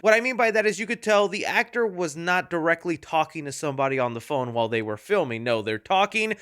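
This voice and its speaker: A man's voice: fairly high pitch, a bit bright, clear, resonant tone. A man giving a casual movie review in a sarcastic, jokey way. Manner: sarcastic, jokey, fond of quick impressions. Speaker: film reviewer.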